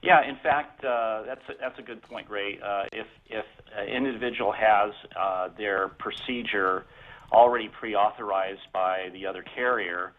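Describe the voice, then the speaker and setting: A man calls in to a radio talk show and explains insurance details steadily, with a few fillers along the way. His voice sits a bit low. He comes through a thin, tinny phone line. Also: a little slow. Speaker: health insurance representative. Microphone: telephone.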